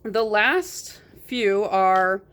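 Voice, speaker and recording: Woman vlogger rambling about her polish stash, chatty, laughs at herself a lot, middle pitch. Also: animated, extremely slow, a bit bright. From United States. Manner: chatty and self-mocking, laughs often. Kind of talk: casual chat.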